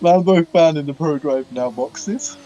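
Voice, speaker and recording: A man's voice: fairly high pitch, big pitch swings, unhurried, mellow, dull audio, a little hiss or hum. A man, co-commentating a sim race in a casual, informative way. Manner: informative, mock-formal when reading promos.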